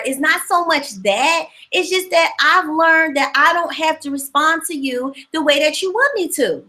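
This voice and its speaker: Bright, animated woman livestream host. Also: sits high, moderate pace, few pauses, poor audio. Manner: animated, chatty, repeats for emphasis. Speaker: livestream host reading viewer comments. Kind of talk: casual motivational livestream talk.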